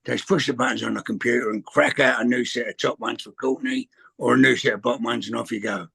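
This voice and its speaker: A gravelly, husky older man spins rambling, cheeky anecdotes, swearing now and then and acting out other people's lines. His voice has a bright, forceful edge under the rasp. He is in his sixties and chatting casually. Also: mid-range voice, fairly even intonation, quick pace. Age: 60s. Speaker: guest answering questions. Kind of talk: casual chat, storytelling.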